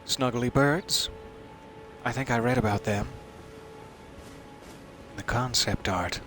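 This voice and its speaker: Wry, unhurried man playing a video game. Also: medium pitch, fairly bright tone, soft background music. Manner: wry, joking asides to viewers. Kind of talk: casual let's-play commentary.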